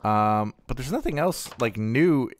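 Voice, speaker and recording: Guy rambling as he plays a game, lots of ums and half-finished thoughts, mid-pitched voice. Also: animated, a little slow. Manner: rambling, thinking aloud with many fillers. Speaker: gaming channel host. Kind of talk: casual gameplay commentary.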